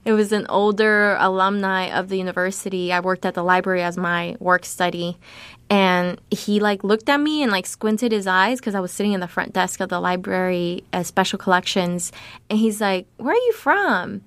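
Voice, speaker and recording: A woman in her thirties, originally from Nicaragua, telling personal stories as an interview guest in a casual way, full of fillers and quick laughs. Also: medium pitch, steady tone, a bit bright, smooth, dry recording. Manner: casual, frequent fillers, laughs between thoughts. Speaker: guest writer.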